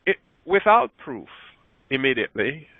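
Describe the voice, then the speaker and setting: A man's voice: very animated, measured pace, breathy edge, no echo. Man teaching scripture over a thin phone-like line. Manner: rises in pitch when reading scripture aloud, self-correcting. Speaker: Bible teacher. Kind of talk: scripture lesson with slides. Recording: dry, phone-like narrow sound.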